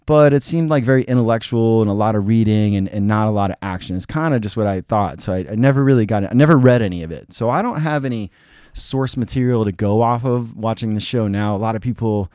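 Male podcast host, solo, low voice, dry close sound, blunt and profane. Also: fast, a little mellow, smooth, no room sound. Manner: blunt, opinionated, swears freely. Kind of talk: casual solo review.

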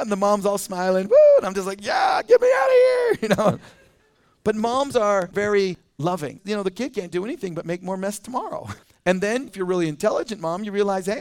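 A pastor preaching a conversational sermon in church, chuckling often and acting out little scenes. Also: male voice, sits high.

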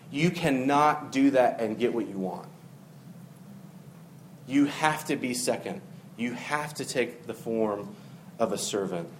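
A man's voice: mid-range voice, echoey room. Man, youth preacher, casual storytelling delivery, faint background hiss. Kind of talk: sermon.

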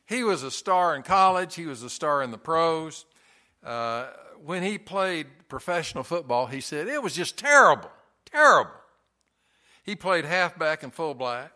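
A man's voice: fairly high pitch, pushed and bright. A man preaching a sermon in a church, earnest and folksy, telling stories with touches of humor. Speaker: pastor.

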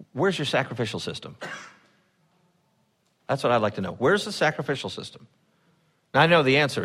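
Man preaching a chatty sermon. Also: medium pitch. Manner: conversational storytelling with animated quoted voices. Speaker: pastor. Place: church sanctuary.

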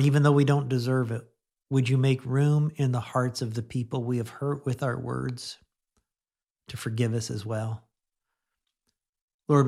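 A middle-aged man giving a conversational radio sermon, chatting gently and laughing now and then, then leading a prayer. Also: medium pitch. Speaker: pastor.

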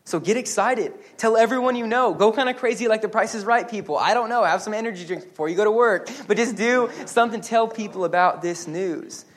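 A man preaching a sermon as pastor at a church service, animated and humorous, with quick restarts and asides. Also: high voice.

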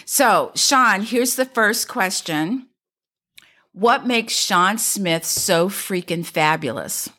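A woman's voice: medium pitch, lively intonation, slow, bright, forceful tone. A woman hosting a podcast, chatting casually and playfully with her guest and listeners. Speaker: podcast host. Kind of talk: casual interview chat.

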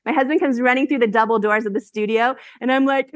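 A woman in her forties giving a motivational keynote on stage, telling stories with animated delivery and frequent laughter. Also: fairly high pitch, quick pace, hardly any pauses, dry recording. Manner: animated, laughs often, acts out quotes. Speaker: keynote speaker. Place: event stage.

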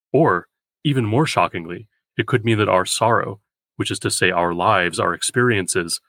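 A man hosting a poetry podcast, giving a scripted, measured lecture and slowing down to read verse. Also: low-pitched, pushed and bright, no echo. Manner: measured, deliberate, slows for quoted verse.

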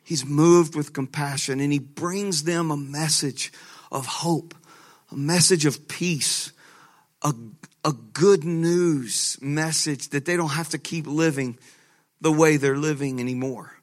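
A man pastor preaching a sermon, telling a lively story with laughter and frequent restarts. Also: fairly high pitch, slow pace.

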